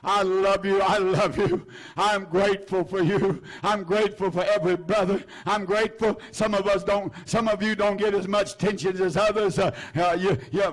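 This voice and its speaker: An older man preaching a sermon, fervent and repetitive, filling his phrases with "uh" and "hallelujah". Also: sits high. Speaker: pastor.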